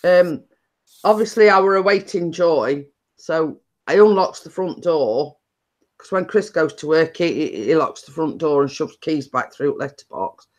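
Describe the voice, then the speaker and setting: A woman's voice: sits low, unhurried. A woman hosting a chatty live stream, telling stories in a rambling way with many restarts.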